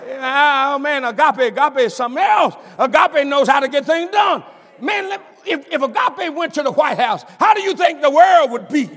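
High-voiced older preacher, booming hall. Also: male voice, animated, normal speed, some chatter behind. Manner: preacher's call-and-response, repeated "am I right about it"; stammers and repeats words, bursts into shouts and laughter. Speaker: pastor. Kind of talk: sermon. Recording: long hall reverb.

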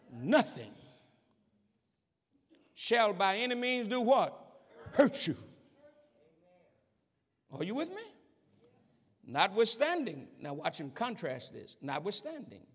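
A man preaching in a slow, measured delivery that swings widely in pitch. He keeps calling out questions for the congregation to answer and climbs into shouted passages. His voice carries a long reverb, as if filling a large hall. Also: huge pitch swings. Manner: call-and-response preaching, rising to shouts. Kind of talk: sermon.

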